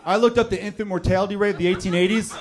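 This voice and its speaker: Man, high voice, sardonic stand-up rant, noisy live club recording. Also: fairly even intonation. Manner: sardonic, rapid riffing rants. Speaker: stand-up comedian. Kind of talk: stand-up comedy set.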